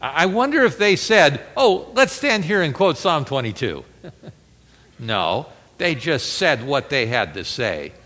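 A man's voice: on the high side, big pitch swings, takes it slowly, a bit bright, long reverb tail. A man preaching a conversational Bible sermon, reading scripture aloud with rising intensity.

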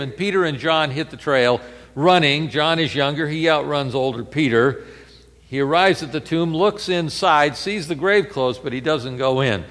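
A man preaching a sermon, retelling a story with lively swings between loud emphasis and hushed lines. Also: a little high, normal speed, in a large hall.

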